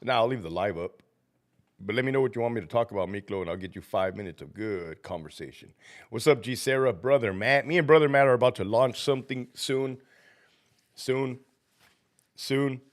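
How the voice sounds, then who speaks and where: A man's voice: medium pitch, quick pace. A man hosting a casual livestream, a former prison officer who is sick and feverish, swearing heavily, ranting and laughing often between greetings to viewers.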